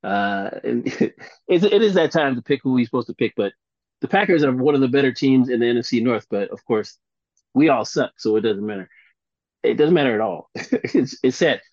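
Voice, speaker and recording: A man's voice: mid-range voice, animated, moderate pace, darkish tone, dry recording. A man co-hosting a podcast, rambling and joking at his own expense in casual sports chat. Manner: rambling, jokey, self-mocking. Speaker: podcast co-host. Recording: slightly dull lo-fi recording.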